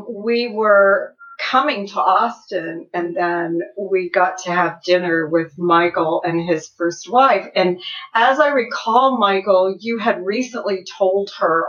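A woman's voice: mid-range voice, muffled recording. A married woman recalling events in conversation, often ending with "right?". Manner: conversational, frequent "right?" tags. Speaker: guest. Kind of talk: casual conversation.

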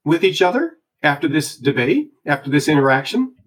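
A male host asking calm follow-up questions in an interview. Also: on the high side, brisk.

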